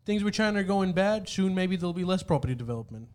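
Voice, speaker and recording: A man with a notably high voice, chatting on a podcast. He talks hesitantly, stumbling over and repeating words. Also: lively intonation, fast, darkish tone. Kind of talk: casual podcast chat.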